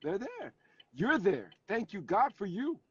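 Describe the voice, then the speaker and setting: A man on a video call from his parked car, his voice sitting a little high for a man. He tells stories with animation and acts out the people in them. The call audio is muffled and lo-fi. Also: unhurried, husky, dry recording. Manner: animated storyteller, acts out family scenes. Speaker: guest actor and advocate. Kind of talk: casual interview over video call.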